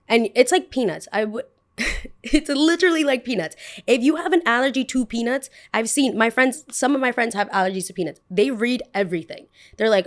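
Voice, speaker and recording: A young woman telling a workplace story in a casual, animated way, quoting herself often and speeding up in bursts. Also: fairly high pitch. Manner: animated retelling, full of "I was like" quotes, bursts of fast talk.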